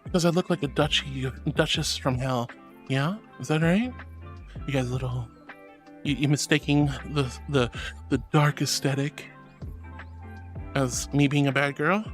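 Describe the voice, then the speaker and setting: A man's voice: fairly high pitch, steady tone, unhurried, long pauses, soft background music. A man streaming and casually chatting, reading viewer messages aloud and gushing over them with lots of honey and sweetie.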